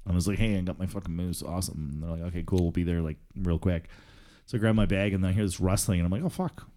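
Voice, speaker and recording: A man's voice: low-pitched, fairly even intonation, rapid-fire, mellow. A man, telling rambling, profane stories in casual chat and laughing often.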